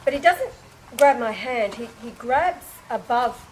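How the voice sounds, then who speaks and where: A woman's voice: a little high, unhurried, a little hiss or hum, poor audio. A woman telling a spiritual story in casual speech, acting out other people's lines and laughing often. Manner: animated retelling, acts out dialogue, laughs often. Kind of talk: casual spoken testimony.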